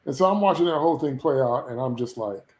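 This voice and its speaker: Animated ranting man in an echoey room. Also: mid-range voice, fast. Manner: animated, exasperated ranting with frequent laughs. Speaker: podcast co-host reviewing a TV episode. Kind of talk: casual opinionated chat. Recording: roomy echo.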